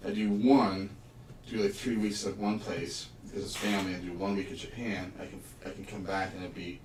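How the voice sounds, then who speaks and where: A talkative man rambles through casual stories in a somewhat low voice. He sits well back from the mic. The room rings with echo and a faint hiss. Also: level tone, fairly quick. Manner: chatty, rambling storyteller. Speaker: puzzle livestream co-host. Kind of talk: casual chat. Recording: echoey room, mic far off.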